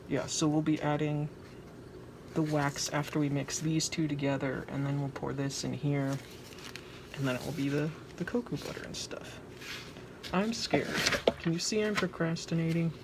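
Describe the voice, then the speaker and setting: A woman vlogger narrates her own craft project in a casual, noisy home recording, sounding anxious and dramatic while joking at her own expense. Her voice is deep with fairly even intonation at a normal speed.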